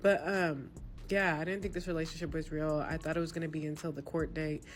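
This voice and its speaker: A woman's voice: sits low, flat delivery, fairly quick, soft background music. A woman giving casual opinions in a skeptical, easygoing way. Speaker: commentator.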